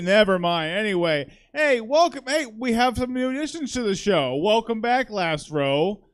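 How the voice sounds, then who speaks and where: A man's voice: high voice, very animated, moderate pace, hardly any pauses. A man hosting a comedy show, bantering playfully with the audience between acts. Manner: playful, teasing crowd work.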